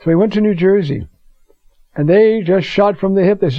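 A man's voice: sits high, a little fast, dry recording. An older man giving a conversational Bible teaching, telling stories and often asking his listeners "you see?". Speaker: preacher. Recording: dull lo-fi recording.

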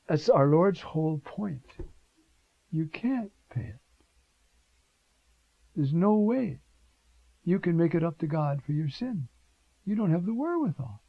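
Gravelly-voiced man preaching a sermon. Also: fairly high pitch, dry recording. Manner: animated, emphatic, rhetorical questions, many fillers. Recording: dull lo-fi recording.

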